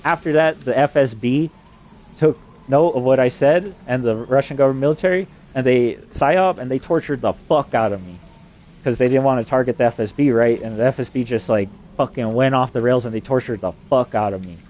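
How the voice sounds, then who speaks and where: A man's voice: mid-range voice, a little fast, darkish tone. A man from New Mexico delivering an agitated, profanity-laden rambling monologue. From New Mexico, USA.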